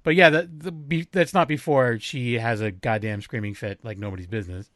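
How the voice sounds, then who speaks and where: A man co-hosting a casual podcast chat over a remote call, animated and given to acting out quotes. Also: medium pitch, brisk, no echo, clean studio sound. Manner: animated, acts out quotes in goofy voices. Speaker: podcast co-host.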